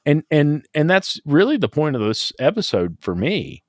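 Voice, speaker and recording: A man's voice: on the high side, normal speed, no echo, clean studio sound. A man with a Southern US accent, hosting a casual podcast chat and telling stories animatedly with frequent laughs. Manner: animated storyteller, laughs often. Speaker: podcast host.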